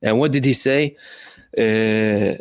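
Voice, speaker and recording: A man hosting live news commentary, pausing on many fillers and asking emphatic rhetorical questions. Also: lowish voice, clear, resonant tone, dry recording, clean studio sound. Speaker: host.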